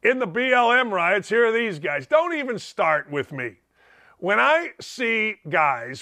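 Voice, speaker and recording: A man's voice: high-pitched, bright, forceful tone. A man hosting a podcast, giving a combative, sarcastic opinion monologue. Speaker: host.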